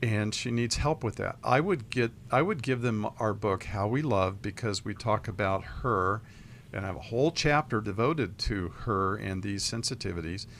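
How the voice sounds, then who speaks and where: A man with a lowish voice, speaking in a measured, advising way as a radio counselor. A faint hum of room noise sits behind him. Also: a bit bright. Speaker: co-host counselor. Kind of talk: radio advice talk.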